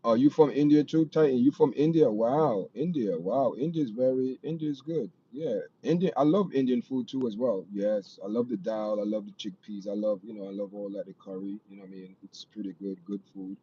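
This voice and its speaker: A man's voice: medium pitch, a little fast, few pauses, warm tone, breathy edge. A man with a Jamaican accent, hosting a casual livestream and chatting with viewers in a rambling way, repeating himself and often saying "you know what I mean". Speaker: livestream host. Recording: dull lo-fi stream audio with faint noise.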